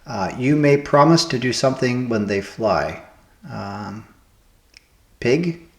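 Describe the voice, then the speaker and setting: Man, puzzle-solving host, mid-pitched, thinking aloud, guessing answers, roomy echo. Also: lively intonation, takes it slowly, gravelly. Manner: musing, trial-and-error guessing of answers aloud. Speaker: host playing word puzzles.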